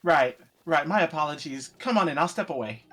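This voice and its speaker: Man voicing a shaky nervous maid, higher-pitched voice, forcing calm politeness, casual story reading. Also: fairly quick. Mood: polite. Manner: trying to sound composed while nervous.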